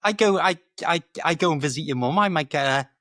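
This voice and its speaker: A man who coaches English chats in a lively, animated way about British expressions, laughing easily and often saying "do you know". His pitch is fairly high and his pace brisk, in studio-quality sound with no echo.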